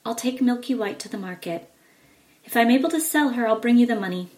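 A woman's voice: a little high, lively intonation, a little fast, a little mellow, natural voice. A woman voicing a poor, polite, eager young boy in a storybook. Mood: earnest.

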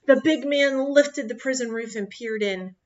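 A woman reading a children's picture book aloud in an expressive, animated way. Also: high-pitched, a little slow, dull audio. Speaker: storyteller.

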